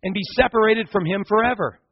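Husky preacher with a muffled sound. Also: male voice, sits high, quick pace, no room sound. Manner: storytelling, building to impassioned climaxes. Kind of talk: sermon. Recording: muffled lo-fi sermon recording.

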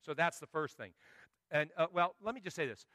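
A middle-aged man preaching a sermon as a pastor, lively and acting out the voices of the people he quotes, swinging between quiet asides and loud bursts. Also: on the high side, brisk, no echo, clean studio sound.

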